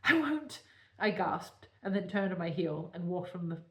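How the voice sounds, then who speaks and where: A woman's voice: on the low side, steady tone, normal speed, darkish tone, echoey room. A woman co-hosting a podcast, reading her own novel aloud and breaking off to joke about it. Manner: giggly, self-mocking. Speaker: podcast co-host and author.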